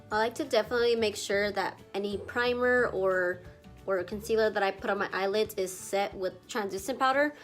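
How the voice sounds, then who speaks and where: A woman's voice: mid-range voice, fairly bright tone. Chatty congested young woman vlogger. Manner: chatty, lots of "like" fillers, casual swearing. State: a little congested from allergies. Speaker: beauty vlogger. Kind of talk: makeup tutorial narration.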